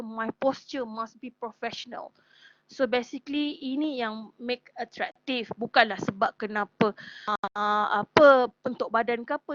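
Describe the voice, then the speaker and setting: High-voiced Malaysian woman lecturing. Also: fairly bright tone, no echo. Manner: switches between English and Malay mid-sentence, instructive. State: sore throat. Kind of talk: recorded e-learning lecture. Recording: dull, dry lo-fi recording.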